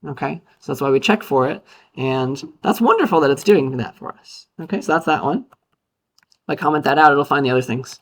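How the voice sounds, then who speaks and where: Man, university lecturer, slightly higher voice, casual classroom talk, playful. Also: fairly quick. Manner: upbeat, chatty, playful asides.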